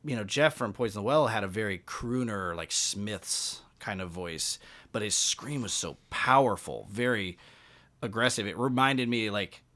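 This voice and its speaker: A musician appearing as a podcast guest tells stories casually, acting out the people in them. His voice sits on the low side and moves at a moderate pace, and he is animated, performing the quoted dialogue.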